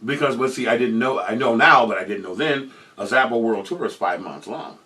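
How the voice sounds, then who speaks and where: A man, a former bandmate, telling an animated anecdote and acting out the voices of the people in it. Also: mid-range voice, brisk, far from the mic. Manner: acts out quoted voices, loud and lively. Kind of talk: animated storytelling.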